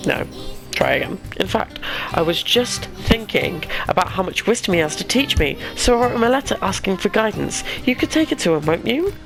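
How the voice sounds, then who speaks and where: A man's voice: high voice, very animated, normal speed, over music. A man voicing an adoring female robot follower, gushing eagerly with a put-on accent.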